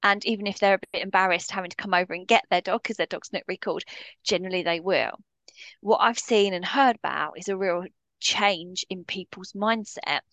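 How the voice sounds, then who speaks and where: A woman speaking as a dog behaviourist on a podcast, blunt and impassioned in how she puts things. Her voice sits in a middle pitch, and the recording is dry and close. She talks with firm conviction. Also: fairly quick, fairly bright tone, no room sound. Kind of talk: podcast interview.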